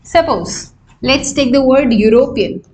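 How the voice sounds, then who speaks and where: The young teacher, speaking with an Indian English accent, walks her live online class through grammar at a slow pace, asking rhetorical questions along the way. Her high voice is a little mellow, and there's slight background noise.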